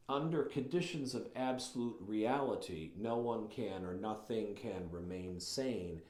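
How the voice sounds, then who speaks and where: Man, low voice, warm, writing teacher, reads slowly and savors words, echoey room. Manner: thoughtful, savoring words, with restarts and slow emphatic readings. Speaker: writing instructor. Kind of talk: teaching lecture with read-aloud passages.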